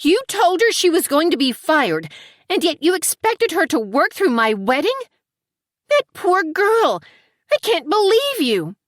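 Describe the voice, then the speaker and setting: A shrill, excitable young bride, voiced by a woman narrator pushes her lines up high and hard. The audiobook voice stays dry and close, with lively swings in pitch. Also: a little slow, no echo, full character voice. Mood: indignant. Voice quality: high, emphatic and loud.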